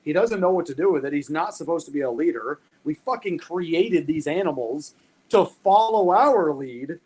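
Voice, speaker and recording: A man talks dog training in a loose, animated podcast chat, swearing freely and leaning on everyday comparisons. His voice sits a touch high for a man. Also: moderate pace, husky, low-quality recording.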